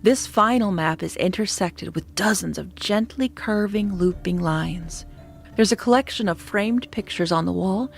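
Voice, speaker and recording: A woman narrating a scripted horror story in a steady, descriptive manner, sometimes dropping to a hush. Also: medium pitch, measured pace, creaky. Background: faint background music.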